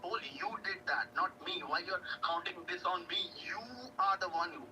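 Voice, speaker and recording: A man's voice: high voice, moderate pace, over music, low-quality recording. A man on a call angrily scolding someone and repeating commands over and over. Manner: angry, scolding, repetitive commands.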